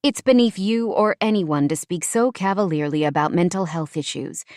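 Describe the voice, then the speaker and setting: A woman's voice: fairly low pitch, moderate pace, darkish tone, no echo, studio quality, lightly acted. A woman voicing a poised upper-class woman who speaks coldly and firmly, in an audiobook. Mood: icy. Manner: cold, precise, steely.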